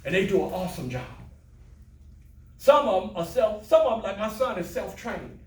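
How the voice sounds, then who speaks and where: A man's voice: sits high, expressive, normal speed, roomy sound, recorded from a distance. An older man giving a motivational talk to adult students, telling stories, joking and acting out voices. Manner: storytelling, plays voices in quotes, jokes with audience. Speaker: motivational speaker.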